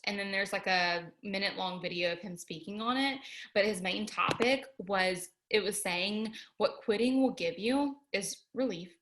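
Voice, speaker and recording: Bright chatty young woman. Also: medium pitch. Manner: earnest, chatty, heavy use of "like" and "y'all". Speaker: motivational speaker. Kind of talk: casual motivational talk.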